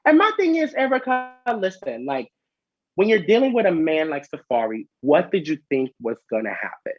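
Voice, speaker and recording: A man's voice: sits high, sing-song, moderate pace, dry recording. A man hosting a casual gossip vlog, sassy and chatty, heard as a slightly dull lo-fi recording. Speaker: host.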